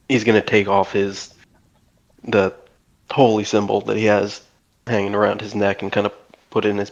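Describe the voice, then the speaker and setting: Flat-voiced male player, full of fillers. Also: lowish voice, muffled recording. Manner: hesitant, lots of fillers. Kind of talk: describing his character's actions in a tabletop game.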